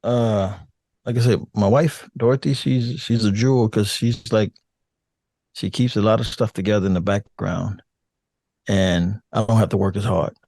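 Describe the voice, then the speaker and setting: An older man talking in a relaxed, rambling way as an interview guest, laughing now and then. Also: fairly low pitch, normal speed, no echo, studio quality. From United States. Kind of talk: casual chat.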